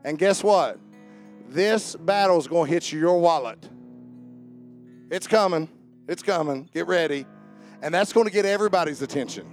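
A pastor delivers a sermon in a somewhat high voice. He moves between fervent shouting and quiet, earnest calls to prayer. A guitar plays faintly behind him. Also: normal speed, long pauses. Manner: shouting, fervent preaching that drops to a hushed prayer.

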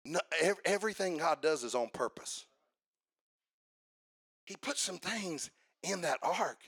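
Male preacher, high and gravelly, fervent call-and-response delivery. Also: animated, unhurried, no echo, studio quality. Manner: rising to fervent shouts, call-and-response with congregation. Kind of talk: sermon. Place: church service.

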